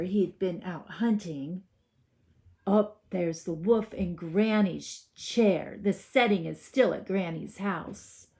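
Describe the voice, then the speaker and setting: A woman teacher reading a storybook aloud to young children, expressive, with gasps and stage whispers. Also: on the low side, creaky. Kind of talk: children's read-aloud lesson.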